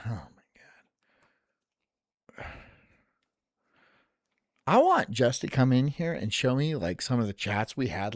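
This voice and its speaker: A streamer rants through a casual live-stream reaction, swearing freely and breaking into laughs. The pitch swings widely from remark to remark, and the sound is close and dry with no room around it. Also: no room sound. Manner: profane, ranting and venting with frequent swearing; laughs often between remarks.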